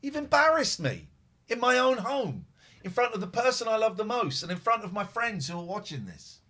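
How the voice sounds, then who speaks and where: A man's voice: sits high, big pitch swings, normal speed, bright, forceful tone. A man hosting a phone-in show from home, ranting furiously, swearing and repeating himself. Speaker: host. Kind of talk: live phone-in show, angry rant.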